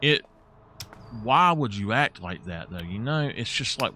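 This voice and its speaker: A man's voice: mid-range voice, animated, unhurried, sharp tone, a little hiss or hum. A man, chatting while live-streaming a game and venting in an exasperated way.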